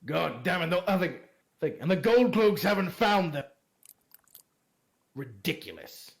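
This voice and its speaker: A man voicing a gruff older military lord who is blunt, contemptuous and swears freely. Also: sits high, big pitch swings, measured pace, full character voice. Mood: indignant.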